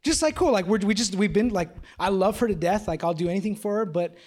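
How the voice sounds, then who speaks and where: A high-pitched man in his thirties delivers a sermon. His speech is casual and self-mocking, full of fillers and restarts. He then builds to a run of pressing, repeated questions. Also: fast, darkish tone. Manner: casual, joking, confessional, with many fillers and restarts. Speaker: pastor.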